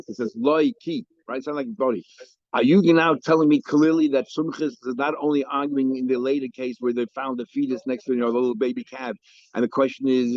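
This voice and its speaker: A man's voice: mid-range voice, a little mellow, no echo, lo-fi sound. A man teaching a Talmud lesson, explaining cases with frequent restarts and Hebrew and Aramaic terms.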